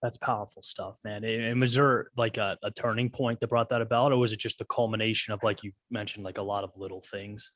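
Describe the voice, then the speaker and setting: A man hosting a podcast, asking relaxed, conversational questions. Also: on the low side, a little fast, few pauses, no echo. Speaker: podcast host. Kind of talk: casual interview.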